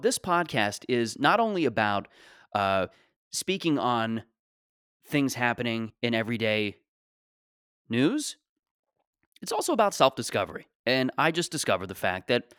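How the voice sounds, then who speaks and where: A man's voice: medium pitch, very animated, a little slow, pauses often, fairly bright tone, smooth, dry recording, clean studio sound. A man in his late twenties hosting a solo podcast, talking casually in a rambling, joking, self-deprecating way. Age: 20s. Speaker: podcast host.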